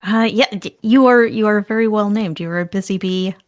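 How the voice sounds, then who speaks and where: A woman's voice: mid-range voice, brisk, no room sound, studio quality. A woman running a tabletop game as game master, narrating scenes and explaining rules in a rambling, thinking-aloud way.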